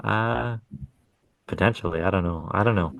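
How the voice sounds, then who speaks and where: In a dry recording, a low-pitched, creaky, slightly bright male voice moves at a moderate pace. He's a podcast co-host and hardscape contractor, spinning easygoing, profane stories about his contracting work in casual chat.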